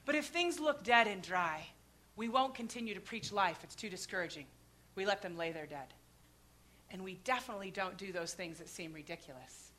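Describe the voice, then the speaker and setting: A middle-aged woman preaching a sermon, telling personal stories in an animated way, with sudden shouts and hushed asides. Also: medium pitch, fairly quick, a little hiss or hum.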